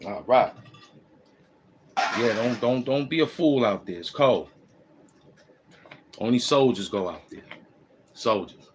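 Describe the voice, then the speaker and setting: A man's voice: medium pitch, animated, takes it slowly, pauses often, slight background noise. A man hosting a casual walking vlog, giving loose, repetitive, slangy street advice. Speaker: host. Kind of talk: rambling streetwise monologue. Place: outdoors in the cold.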